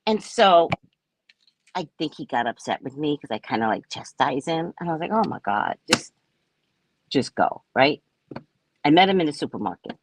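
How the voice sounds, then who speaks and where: A woman with a husky voice, close to the mic in a dry space, tells a personal story in casual talk. Her pitch swings widely as she acts out each side of the dialogue. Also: dry recording. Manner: animated, acts out both sides of dialogue. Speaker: podcast host.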